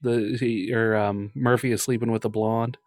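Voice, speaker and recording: A man's voice: on the low side, flat delivery, normal speed, a little mellow, no echo. A man co-hosting a podcast and livestream, chatting casually, joking crudely and laughing often. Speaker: podcast co-host and streamer. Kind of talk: casual chat.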